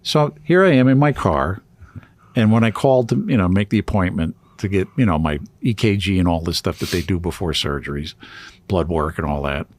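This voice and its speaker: A man's voice: low-pitched, a little fast. A man co-hosting a podcast, telling a story in casual chat and laughing often as he goes. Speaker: podcast co-host.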